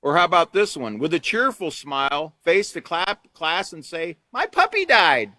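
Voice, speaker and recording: A man's voice: fairly high pitch, normal speed, dry recording. A man leading a live online training course for teachers, reading steps from a manual and explaining them with examples. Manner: reads from a manual, then explains with lively examples.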